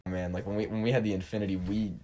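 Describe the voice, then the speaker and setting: A young man hosting a podcast, telling animated, crude stories and swearing freely in casual chat. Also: fairly low pitch, racing. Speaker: podcast host.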